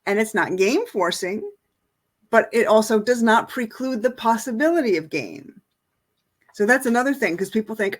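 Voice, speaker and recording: A woman's voice: fairly high pitch, expressive, moderate pace. A middle-aged woman teaching an online lesson, explaining in a casual way with many fillers. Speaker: bridge teacher.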